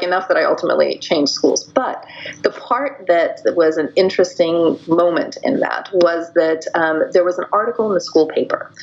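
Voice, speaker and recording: A woman's voice: lowish voice, highs cut off. A middle-aged woman from Iran, a podcast guest telling personal stories candidly and acting out what others said. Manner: candid storytelling, acts out quoted voices. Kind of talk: podcast interview.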